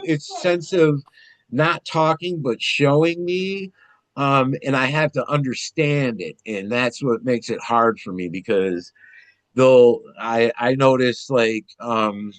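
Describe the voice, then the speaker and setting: Casting: man, mid-pitch, rambling storyteller, dry close sound. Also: no echo. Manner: rambling, animated, swears, restarts often. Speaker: guest. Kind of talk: casual storytelling conversation.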